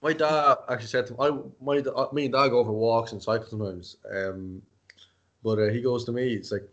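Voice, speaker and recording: A man's voice: mid-range voice, fairly even intonation, brisk. A man in casual podcast chat, telling stories animatedly and acting out quoted dialogue.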